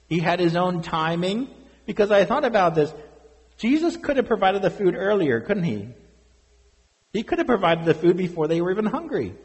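A man's voice: on the high side, a little mellow, in a large hall, rough recording. A man preaching a sermon as pastor, earnest and full of rhetorical questions to the congregation.

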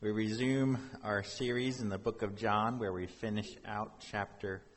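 Speaking a little slowly at a fairly low pitch with fairly even intonation, a pastor delivers a sermon, earnestly talking through scripture with the congregation. There's a husky, breathy grain to his voice, and a big hall's lengthy reverb surrounds it.

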